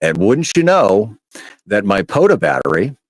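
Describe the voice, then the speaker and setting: Male co-host, deep low voice, unhurried anecdote, dry room. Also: sing-song, no room sound, rough recording. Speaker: podcast co-host. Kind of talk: casual storytelling.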